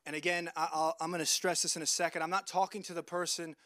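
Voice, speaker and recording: Male preacher, high voice, dry close sound, earnest and emphatic, circles back on his words. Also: level tone, fast, sharp tone, no echo. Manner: earnest, emphatic, repeats words and restarts phrases. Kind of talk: sermon.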